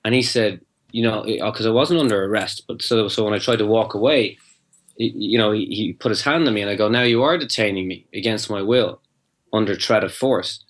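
A man's voice: fairly low pitch, brisk. A man, a guest in an interview, telling a long rambling anecdote and acting out the dialogue, with frequent restarts. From Ireland. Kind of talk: interview storytelling.

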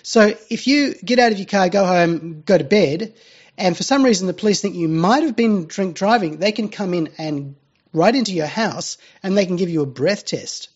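A talk radio host, interviewing a guest and reading out a list in a halting way full of fillers. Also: mid-range voice, animated, slightly rough. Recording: lo-fi radio audio with faint music.

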